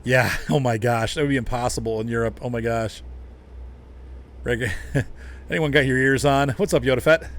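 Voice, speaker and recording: A man's voice: medium pitch, fairly even intonation, normal speed, pauses often, fairly bright tone. A man casually chatting with viewers while driving in a truck game, rambling and laughing often. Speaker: game streamer.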